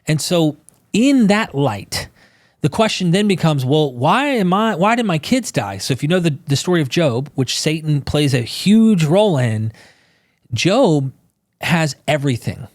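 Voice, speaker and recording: An emphatic man speaking as a guest on a podcast, explaining with fervent conviction. His voice sits a little high for a man. It is recorded dry, with no room sound. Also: big pitch swings, a little slow, dry recording. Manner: fervent, emphatic, acts out quoted people. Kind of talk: impassioned conversational storytelling.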